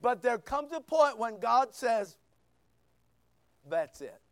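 A man's voice: very high-pitched, unhurried, clear, resonant tone, no room sound, clean studio sound. A man preaching a sermon, reading scripture and acting out voices as he goes. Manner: animated preaching, acts out quoted voices. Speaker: pastor.

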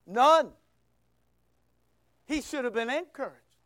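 An older man in his sixties preaching a sermon, swinging from loud shouts down to near-whispers and repeating words for emphasis. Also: extremely high pitch, expressive, slow pace, dry recording. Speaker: pastor.

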